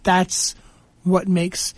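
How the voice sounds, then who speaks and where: A woman's voice: on the low side, monotone, extremely slow, no room sound, rough recording. A young woman co-hosting a college radio show, talking in a bubbly, enthusiastic and playful way. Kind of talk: casual radio chat.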